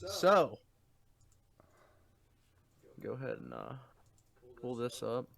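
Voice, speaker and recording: Bright-voiced teasing podcast co-host man. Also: mid-range voice, wildly swooping pitch, slow, gravelly. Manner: joking, teasing, swears freely. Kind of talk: casual chat.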